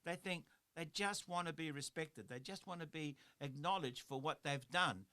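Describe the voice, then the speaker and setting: In a radio studio, a middle-aged man hosts a motivational show at normal speed, his voice high, bright, and forceful. He speaks earnestly, rambling a little and circling back to repeat his key phrases.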